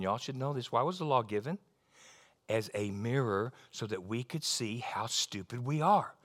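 A middle-aged man preaching a sermon, animated, often restarting and repeating words. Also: mid-range voice. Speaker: pastor.

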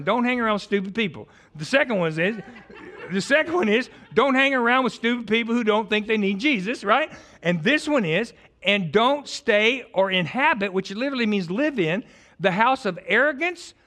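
A middle-aged pastor preaching in a rather high voice. He jokes, stumbles into restarts and swings between loud bursts and soft asides as he rambles through his sermon. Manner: joking, animated, rambling with many restarts.

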